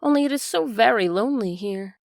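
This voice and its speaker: A woman's voice: a little high, lively intonation, normal speed, no room sound, clean studio sound. A woman voicing a polite, wondering seven-year-old girl in a storybook reading. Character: young girl, polite and puzzled.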